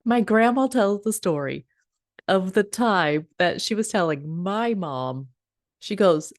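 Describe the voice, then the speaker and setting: A woman hosting a casual advice talk, animated, laughing often and acting out little scripts. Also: on the low side, unhurried, no room sound, clean studio sound. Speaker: host giving relationship advice.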